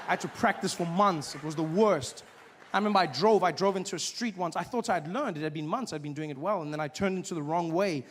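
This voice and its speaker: A young man from Africa, performing an animated stand-up routine in a live venue and breaking into shouted voices. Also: fairly high pitch, fast talker, big-room sound, slight background noise. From South Africa. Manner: animated, acts out voices with sudden shouts and laughs. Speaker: stand-up comedian. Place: live comedy venue with audience.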